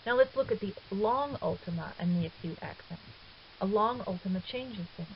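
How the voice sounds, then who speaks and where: A woman calmly explaining a grammar lesson as a recorded teacher, patient and step by step, now and then correcting herself. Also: medium pitch, moderate pace. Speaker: Greek teacher. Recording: dull hissy lo-fi 2009 recording.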